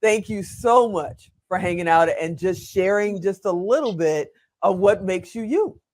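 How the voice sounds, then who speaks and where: A woman's voice: medium pitch, expressive, measured pace, a little mellow. An older woman hosting an interview show, gushing over her guest and speaking frankly about herself. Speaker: host. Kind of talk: enthusiastic interview host chat.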